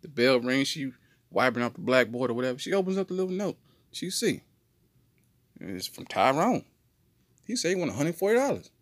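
A man telling a comedic story on a podcast in an animated, slangy way. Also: medium pitch, brisk, pauses often, no echo. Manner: animated, slangy, jumps into voices. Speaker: podcast co-host.

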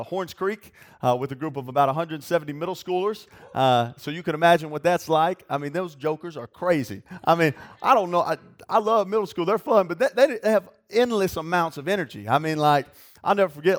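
A young adult man preaching a sermon in a folksy storytelling way, building to excited shouts. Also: fairly high pitch. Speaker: youth pastor preaching.

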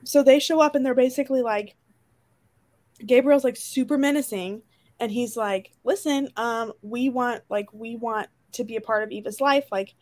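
Woman, podcast co-host, lively chatty recap, lots of fillers, slightly high voice. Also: normal speed. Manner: animated recap with many fillers. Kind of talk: casual book club chat. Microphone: video call.

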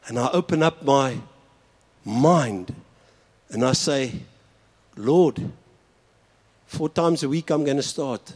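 A man, preaching a sermon in a church hall with earnest, slow, emphatic repetition. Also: mid-range voice, darkish tone, slightly rough. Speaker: pastor.

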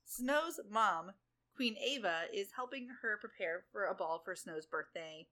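A woman with a bright, clear voice talks through a television episode for a podcast. Her tone is loose and conversational, with quick asides and brief playful voicings of the characters she describes. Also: mid-range voice, lively intonation. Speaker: podcast co-host recapping episodes. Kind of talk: casual chat.

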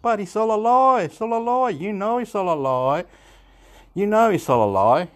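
A man talks off the cuff in a loose, wandering vlog monologue. His voice sits a touch higher than most men's, and he breaks into laughter and swearing as he jumps between ideas. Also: animated, moderate pace. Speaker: vlogger. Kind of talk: rambling casual monologue.

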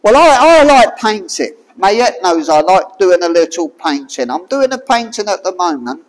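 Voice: mid-range voice, very animated. A preacher giving a sermon to a small congregation, asking the listeners question after question. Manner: slow, questioning, draws listeners in with repeated rhetorical questions. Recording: long reverb of a hall.

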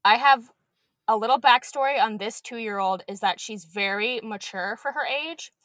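A woman's voice: fairly high pitch, moderate pace, a bit bright, no room sound. A young woman and preschool teacher chatting as a podcast guest, telling stories animatedly and swearing casually.

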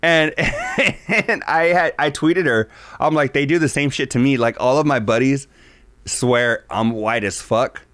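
A man's voice: mid-range voice, animated, a little slow, a bit bright, no echo. A man co-hosting a podcast in casual chat, loose and profane, rambling with lots of fillers. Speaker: podcast co-host.

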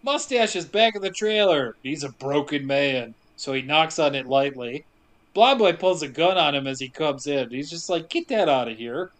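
A man casually recapping a movie for a podcast, telling it with jokes and quick asides. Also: fairly high pitch. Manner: joking, animated storytelling with quick asides.

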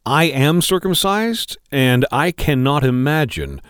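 A man's voice: mid-range voice, lively intonation, unhurried, fairly bright tone, clean tone, dry recording, clean studio sound. A man co-hosting a podcast, talking in a casual, upbeat way. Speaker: podcast co-host. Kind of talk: casual chat.

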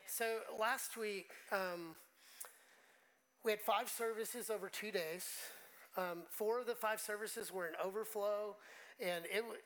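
A man's voice: sits high, sharp tone, low-quality recording. A man preaching a sermon as pastor, talking conversationally and emotionally, often restarting his words.

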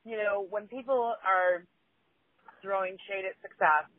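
A woman's voice: medium pitch, unhurried, no room sound. A woman co-hosting a casual podcast, who tells a story bluntly and often restarts her sentences. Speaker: co-host. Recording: dry, phone-like line.

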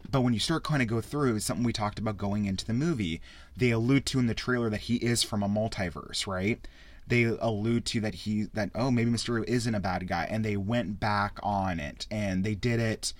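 A man with a slightly low voice gives a loose, rambling review, swearing freely and getting worked up as he goes. The recording is close and dry, with no room sound. He talks the way a show host chats to regular listeners. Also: moderate pace, no room sound. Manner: rambling, profane, excitable. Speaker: podcast host reviewing a film. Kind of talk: casual spoken film review.

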